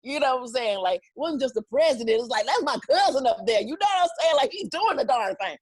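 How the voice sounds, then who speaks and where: A woman's voice: sits high, fast, breathy edge, no room sound. A middle-aged woman, an interview guest and comedian, telling stories animatedly, acting out voices and laughing often. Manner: lively, acts out voices and quotes, laughs often. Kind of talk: animated storytelling chat.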